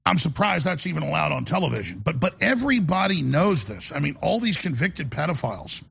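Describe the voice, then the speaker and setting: A man's voice: fairly high pitch, big pitch swings, a little fast, gravelly, a bit bright, slightly rough, dry recording. A male talk show host delivering a rambling radio monologue, often restarting his sentences.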